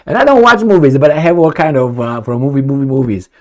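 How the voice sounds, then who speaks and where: A man's voice: mid-range voice, fast. A man giving casual, rambling political commentary on his channel, sarcastic and swearing freely.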